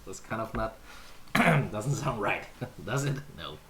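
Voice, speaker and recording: Heavy background noise sits under this lowish, slow voice with lively intonation. He's a native Danish speaker hosting a stream, answering viewers in a playful, casual way full of filler words.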